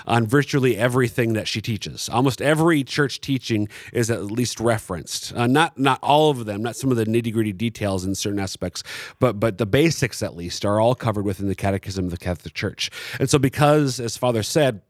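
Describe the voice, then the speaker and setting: A man co-hosting a Catholic teaching talk, explaining in a halting way with many restarts and fillers. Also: mid-range voice, dry recording, clean studio sound. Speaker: Catholic catechism teacher, co-host.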